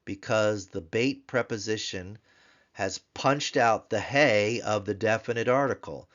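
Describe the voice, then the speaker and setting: Man, low voice, very slow teaching pace, repeats words for practice, dull lo-fi recording. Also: fairly bright tone. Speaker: language teacher. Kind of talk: recorded grammar tutorial. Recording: dull lo-fi sound.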